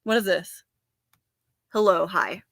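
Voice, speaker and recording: A woman's voice: on the low side, slow pace, vocal fry, a bit bright, dry recording. An American woman ranting in a casual vlog, blunt, profane and sarcastic, often laughing. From United States. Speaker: vlogger.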